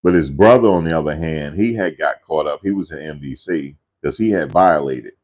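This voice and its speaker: A man's voice: extremely low pitch, moderate pace, a little mellow. A man casually telling a rambling family story in a loose, slangy way, often repeating himself.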